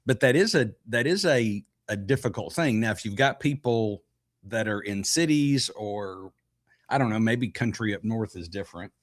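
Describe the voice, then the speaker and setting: Low-voiced man, halting casual podcast chat. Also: lively intonation. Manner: halting, with frequent restarts. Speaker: podcast co-host. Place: live podcast recording.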